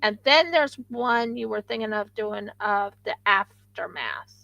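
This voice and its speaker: A woman's voice: mid-range voice, expressive, unhurried, vocal fry, pushed and bright, dry recording, dull audio. A woman hosting a craft livestream, chatting casually and rambling with frequent restarts.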